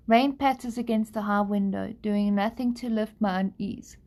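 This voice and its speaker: A woman's voice: mid-range voice, fairly even intonation, normal speed, a little mellow. A tired young woman reading a novel aloud on a live stream, breaking off now and then to chat and apologize. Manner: apologetic, laid-back. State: tired, yawning. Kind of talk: live book reading with chatty asides.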